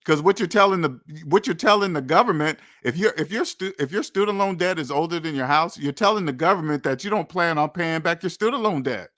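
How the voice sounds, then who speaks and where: A young man delivers blunt money commentary straight to his audience, scolding and preachy, circling back on the same points. His voice sits a little higher than most men's. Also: brisk, few pauses, a bit bright. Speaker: finance channel host.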